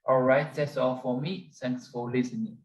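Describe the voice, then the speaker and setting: A man's voice: medium pitch, moderate pace, roomy sound, low-quality recording. Young man reading a class presentation. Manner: steady, scripted delivery. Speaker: student presenter.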